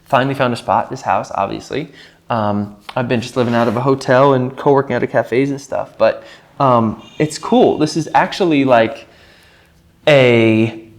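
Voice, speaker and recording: A man's voice: medium pitch, normal speed. A man talking casually to camera in a vlog, rambling and leaning heavily on filler words. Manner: rambling, heavy use of filler "like". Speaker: vlogger. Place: rented house.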